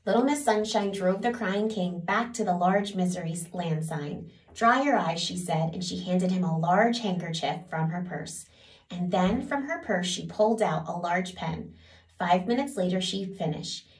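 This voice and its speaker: A woman school principal reading a children's story aloud with expressive, animated storytelling. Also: lowish voice, normal speed, distant mic.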